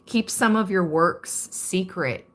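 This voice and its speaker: A woman giving a calm, reflective tarot reading to her viewers. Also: lowish voice, slow. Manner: calm and reflective, reading card meanings aloud. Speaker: tarot card reader.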